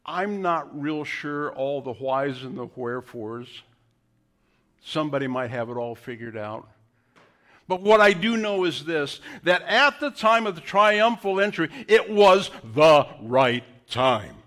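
A man preaching a sermon, acting out scripture quotes in hushed whispers and raised calls. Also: on the high side. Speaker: pastor.

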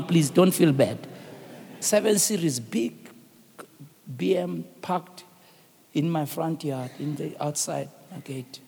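A man preaching a sermon in a South African accent, telling a story and then rising into fervent shouted calls to the congregation. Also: on the high side, gravelly, slightly rough. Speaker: pastor. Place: church.

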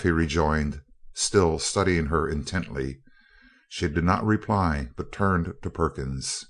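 A man reads a novel aloud as an audiobook narrator. His voice is very deep, and his pacing is steady and measured.

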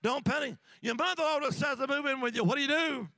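A man preaching a sermon as an evangelist, with rhythmic call-and-response that swings from shouts to hushed whispers in a church. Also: very high-pitched, fast, no echo. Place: church sanctuary.

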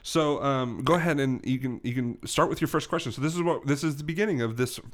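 A man's voice: mid-range voice, fast. A man narrating a tabletop role-playing game as game master, casual and self-correcting.

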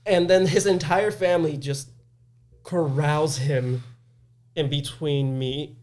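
A man co-hosting a casual podcast, swapping stories with friends. He is animated and breaks into high-pitched voices whenever he quotes someone. His tone stays loose and conversational. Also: slow pace. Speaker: podcast co-host. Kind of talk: casual storytelling chat.

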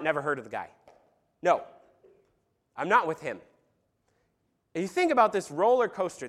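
A man preaching a sermon as pastor, telling a Bible story with lively asides, sarcasm and acted-out quotes. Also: high-pitched.

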